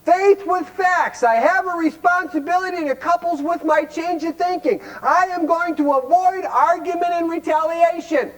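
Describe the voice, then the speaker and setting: A man's voice: very high voice, moderate pace, few pauses, poor audio. A man from Cleveland, Ohio, giving a folksy, blunt recovery workshop talk, constantly quizzing his audience with rhetorical questions. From Cleveland, Ohio, United States.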